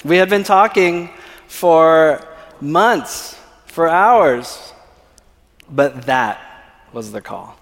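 A man's voice: a little high, expressive, extremely slow. A man giving a personal testimony at church, telling his story and often checking in with the audience with "okay?". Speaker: church speaker. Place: church sanctuary. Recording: long reverb of a large hall.

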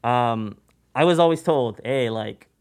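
A young man in a loose podcast conversation, spinning a story from his old job. He talks casually and keeps slipping into animated voices for the people in the tale, so the pitch jumps up whenever he quotes them. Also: a little slow. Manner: animated, acts out voices in anecdotes. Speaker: podcast guest, former theme park worker.

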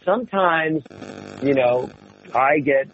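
A man, a voice actor from the United States, chatting in an interview and telling lively stories about his roles. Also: on the high side, slow pace, muffled recording, slight background noise. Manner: animated storyteller, jumps into character voices. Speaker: voice actor guest. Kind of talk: casual interview chat.

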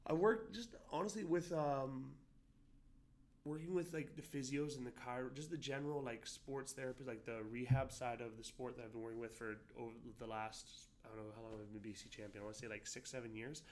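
Man, speaking in a medium pitch in a casual interview. He rambles and restarts often, with plenty of likes and ums, in a relaxed, conversational way. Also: brisk. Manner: rambling, many fillers and restarts. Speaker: amateur boxer guest.

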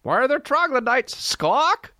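A shrill, high-pitched seagull, as a man puts it on, squawking out indignant questions about who took over its beach. The voice lurches up and down and sounds close and dry. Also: big pitch swings, unhurried, sharp tone, no room sound, heavily acted.

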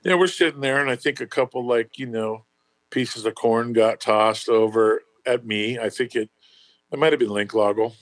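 A man's voice: mid-range voice, moderate pace, no echo. A man telling a story in casual chat, rambling and swearing freely with lots of fillers.

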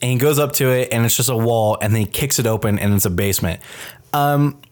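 A man hosting a podcast, retelling a film scene in casual chat, animated and profane. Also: mid-range voice, fast. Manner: animated, profane storytelling with many fillers. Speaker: podcast host reviewing a film.

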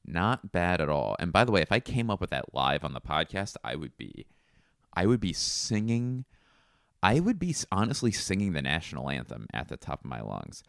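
A man's voice: sits low, big pitch swings, moderate pace, creaky, a bit bright, dry recording, clean studio sound. A young man hosting a solo comedy podcast, rambling through crude, self-mocking riffs. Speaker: podcast host.

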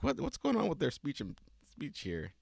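A man's voice: on the high side, normal speed, vocal fry, slightly rough, no echo, studio quality. A man co-hosting a podcast, chatting casually and laughing often as he recaps a movie. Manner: laughs often, animated storytelling. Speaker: podcast co-host. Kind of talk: casual chat.

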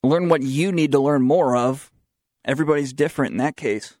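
A young man with a Southern American twang hosts a student radio talk show and fires off sarcastic opinions between news items he reads aloud. His voice sits at an ordinary middle pitch. The sound is close and dry, with no room echo. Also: a little fast, darkish tone. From southern United States. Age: young adult.

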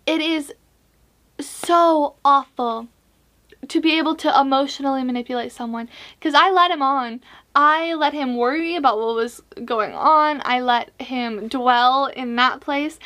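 A young woman hosting a casual faith-based vlog, giving earnest advice with self-mocking asides and animated emphasis. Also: high voice. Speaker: vlog host.

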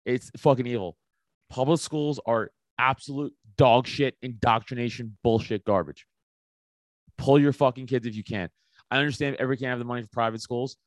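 A man's voice: medium pitch, moderate pace, no echo. A man from the United States, a comedian guesting on a podcast, ranting bluntly with heavy swearing in casual chat.

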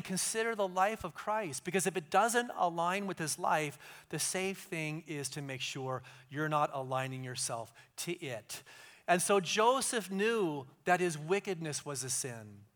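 A man preaching a sermon as pastor, conversational and animated, dropping to hushed tones for emphasis. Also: on the high side.

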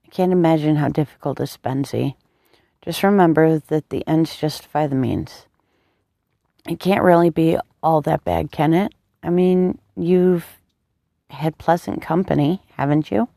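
A devoted young man speaks tenderly and with a playful tease, as a woman reads him aloud. The voice is warm and a little gravelly. The recording is dry and close. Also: deep voice, a little slow, no room sound. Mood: teasing. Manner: soft, affectionate, teasing.

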